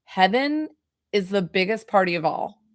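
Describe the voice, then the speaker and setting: Woman doing a loud party uncle ghost, sassy new york accent, brash and dry sounding. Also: mid-range voice, animated, normal speed, no room sound, natural voice. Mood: jovial. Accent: put-on New York. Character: boisterous jolly male spirit of a partying uncle.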